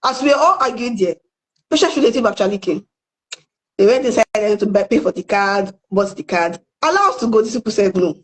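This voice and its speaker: A woman's voice: medium pitch, lively intonation, fairly quick, rough recording. A young woman with a Nigerian accent, telling a story in casual chat and acting out the people she quotes. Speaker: guest storyteller.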